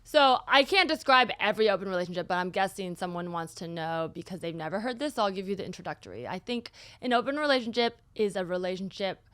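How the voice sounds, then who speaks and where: A woman's voice: mid-range voice, expressive, fast, few pauses, a bit bright, clear, resonant tone, no echo. A woman guest on a podcast, chatting candidly, swearing freely and acting out her own reactions as she tells stories. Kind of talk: casual chat.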